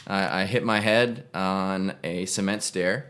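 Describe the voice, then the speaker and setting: A man's voice: deep voice, fairly even intonation, slow, fairly bright tone, clean tone. A young man, an actor, casually telling a personal story on a podcast and rambling with frequent self-corrections. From Canada. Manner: rambling, self-correcting, acts out voices in quotes.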